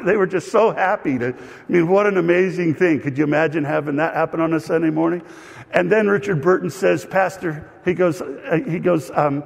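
A man preaching a sermon as pastor, telling stories with lively asides to the congregation. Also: on the high side, brisk, vocal fry. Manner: animated storytelling with asides. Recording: long hall reverb.

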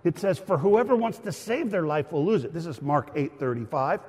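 A middle-aged male pastor preaching a lively sermon, explaining words and raising his voice for emphasis. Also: fairly high pitch, moderate pace, slightly rough, big-room sound. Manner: animated, shouts for emphasis, teaching aside.

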